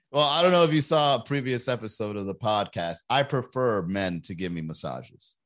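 A young man with a medium-pitched, slightly bright voice hosts a casual livestream podcast. He jokes and rambles, slipping into quick put-on voices to act out other people.

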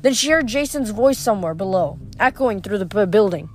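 A woman's voice: mid-range voice, lively intonation, moderate pace, hardly any pauses, a little mellow, faint music behind. A woman reading a novel aloud and chatting about it, often stumbling and correcting herself. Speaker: book reader.

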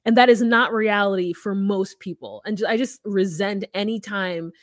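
A woman's voice: medium pitch, moderate pace, dry recording, studio quality. A woman from the United States co-hosting a podcast, talking in a blunt, sarcastic way and swearing freely. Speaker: podcast co-host. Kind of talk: casual chat.

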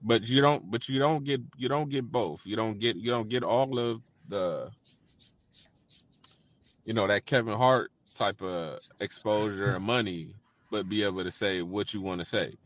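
A man co-hosting a casual podcast chat, thinking aloud in a relaxed way. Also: fairly low pitch, normal speed, no room sound. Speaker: podcast co-host.

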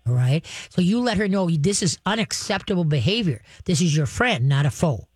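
A woman's voice: fairly low pitch, sing-song, moderate pace, husky, no room sound, clean studio sound. A woman who hosts a call-in advice show as a dog trainer, talking in a folksy, emphatic way and using playful sayings.

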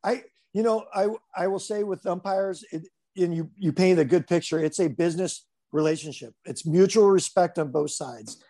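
A baseball coach chats casually, rambling through stories with plenty of fillers. His voice sits high and moves at a normal speed, relaxed throughout.

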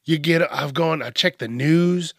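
A man's voice: fairly high pitch, a little slow, dry recording, clean studio sound. A man on a podcast, ranting crudely and mockingly with lots of swearing. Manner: profane, mocking, acts out whiny voices. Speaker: podcast host. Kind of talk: crude comedic rant.

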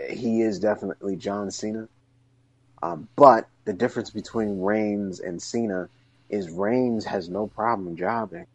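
A man co-hosting a casual podcast, talking animatedly and rambling through long questions. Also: no room sound. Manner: animated storyteller, rises high when excited. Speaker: wrestling podcast co-host.

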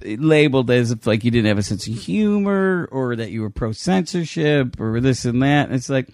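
Gravelly fifty-something guy, laid-back chat, spins stories and laughs at himself, dry close sound. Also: mid-range voice, lively intonation, moderate pace, darkish tone, no echo. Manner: candid, storytelling with self-mocking laughs. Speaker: guest comedian. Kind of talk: casual conversation.

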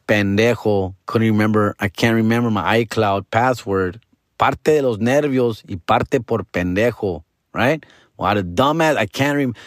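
A man's voice: medium pitch, no echo, clean studio sound. A man, hosting and telling a rambling, profane story full of slang, slipping into Spanish. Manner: rambling, excited retelling. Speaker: podcast host. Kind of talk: casual storytelling.

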